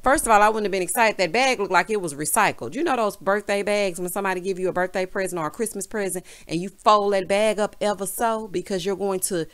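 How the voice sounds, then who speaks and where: A sassy woman with a Southern US drawl dishes on a reality show like she's gossiping with friends. She keeps tossing in "honey" and "child" with lively, animated delivery. Her voice sits at an ordinary middle pitch for a woman. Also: fast talker, few pauses. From American South. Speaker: reality TV recap vlogger. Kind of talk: casual sassy recap chat.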